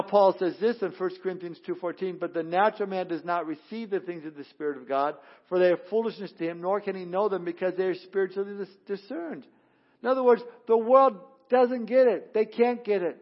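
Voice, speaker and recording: A man's voice: fairly high pitch, dull audio. A male pastor preaching a sermon, building emphasis and often restarting his phrases.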